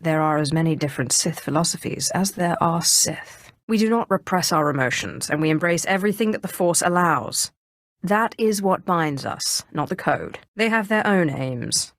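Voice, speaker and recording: A woman's voice: on the low side, lively intonation, moderate pace, dry recording, clean studio sound. An actress voicing a proud, commanding female Sith sorcerer in a video game, assured and imperious. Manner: assured, imperious, with softer intimate asides. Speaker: game player character.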